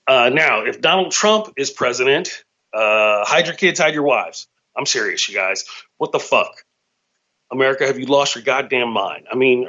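A man's voice: mid-range voice, expressive, normal speed, bright, forceful tone. A man talks in a loose, profane comedic monologue, riffing from one thought to the next as the host of his own show. His middling voice comes through a slightly dull, lo-fi recording.

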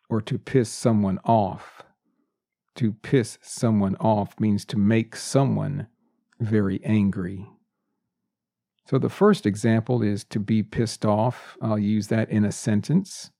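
A man teaching English expressions, repeating each phrase and example sentence slowly and deliberately. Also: lowish voice, creaky, dark tone, dry recording, clean studio sound. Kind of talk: slow, deliberate English lesson.

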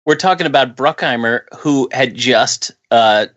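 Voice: medium pitch, measured pace, a bit bright, lo-fi sound. A podcast co-host reviewing a movie in casual, profane chat, often sounding incredulous.

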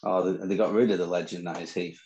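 A podcast co-host with a Northern English accent and a low, mellow, steady voice talks fast in a casual fantasy football chat, trading boastful, teasing banter. The highs in the recording are cut off.

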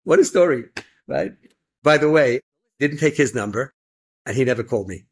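An older man, a rabbi telling a personal story to a live audience, lively and peppered with Yiddish and Hebrew phrases. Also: medium pitch, normal speed, slightly rough.

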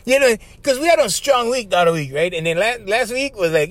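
Animated Hawaiian Pidgin man, lively pitch. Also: a little fast. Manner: animated, laughs often, says bro constantly. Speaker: podcast host. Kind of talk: casual storytelling monologue.

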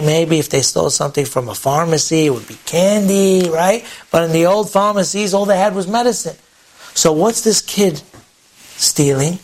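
A man's voice: a little high, slight background noise, rough recording. A man telling an inspirational story to an audience in a casual, conversational way with asides.

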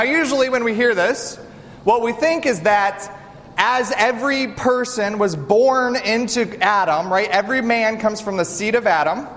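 A man preaching a sermon, animated and direct, often asking the congregation rhetorical questions. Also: high-pitched, a little hiss or hum. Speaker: pastor. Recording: reverberant hall with faint ambience.

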